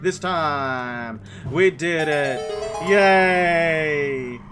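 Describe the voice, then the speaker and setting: A man's voice: a little high, extremely slow, music in the background. A man casually commenting on a game as a streamer, playful and prone to sing-song bits. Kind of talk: casual let's-play commentary.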